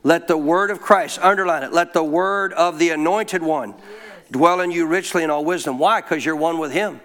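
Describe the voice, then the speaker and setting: Middle-aged man, pastor, high voice, punchy call-and-response preaching. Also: normal speed, fairly bright tone. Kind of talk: sermon.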